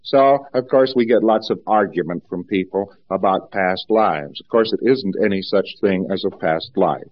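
A man giving an informal lecture, telling stories in a lively way and acting out what people said. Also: low voice, normal speed, hardly any pauses. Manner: lively storytelling, acts out quotes. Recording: dull lo-fi archive tape.

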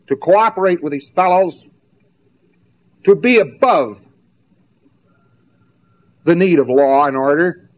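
A man giving a spoken lecture, mocking and sarcastic as he tells stories to make his point. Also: a little high. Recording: tinny narrow-band old tape.

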